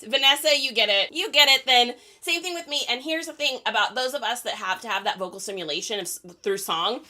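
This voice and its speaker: A woman's voice: a little high, brisk, bright, forceful tone. A woman chatting casually on a live stream while packing orders, talkative and often laughing between rambling asides. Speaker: reseller hosting a live stream.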